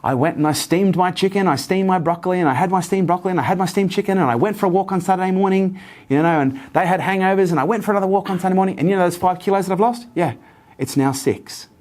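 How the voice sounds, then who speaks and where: A man voicing an upbeat young woman gym client who gushes excitedly. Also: sits high, fast talker, voice pushed up, close to an everyday voice. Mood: gushing. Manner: gushing, breathless, excited.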